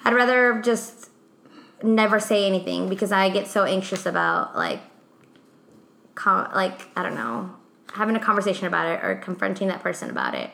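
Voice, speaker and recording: A young woman co-hosting a podcast, telling stories in a chatty, animated way with lots of "like". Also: medium pitch, moderate pace, gravelly. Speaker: podcast co-host. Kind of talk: casual chat. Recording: echoey room.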